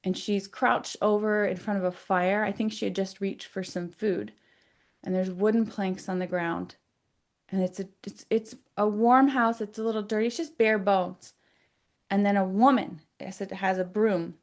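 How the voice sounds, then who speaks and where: A woman's voice: mid-range voice, moderate pace. Chatty woman psychic telling a story. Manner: animated, chatty, many "like" fillers, dropping quiet for intimate parts. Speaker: psychic and energy healer. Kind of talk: personal storytelling vlog.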